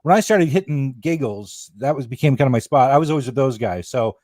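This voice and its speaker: A man's voice: medium pitch, lively intonation, fairly quick, darkish tone, no room sound, studio quality. A guest comedian in his forties, reminiscing in casual chat with a rambling, restarting manner. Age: 40s.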